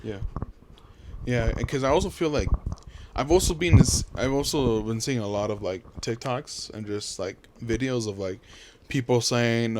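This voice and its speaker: A man's voice: medium pitch, moderate pace. A young man co-hosting a podcast, talking casually and rambling with lots of fillers. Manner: rambling, many fillers, animated. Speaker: podcast co-host.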